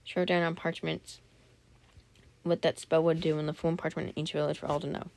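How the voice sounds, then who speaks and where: A woman's voice: low voice, little pitch movement, a little fast, creaky, darkish tone. A woman reading a scary story aloud for her channel, often stopping to joke, comment and apologize before going on. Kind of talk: casual read-aloud with chatty asides.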